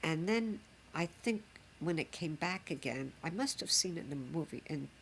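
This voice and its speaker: A woman's voice: sits low, expressive, moderate pace, a little hiss or hum. An older woman, a grandmother reminiscing fondly in a chatty, rambling way. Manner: chatty, fond, rambling with fillers. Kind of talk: reminiscing home recording.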